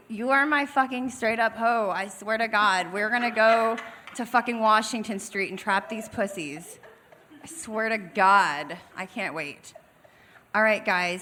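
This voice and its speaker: A woman's voice: mid-range voice, bright, forceful tone, slight background noise. A young woman doing raunchy stand-up on a comedy club stage, brash and profane, acting out the people in her story.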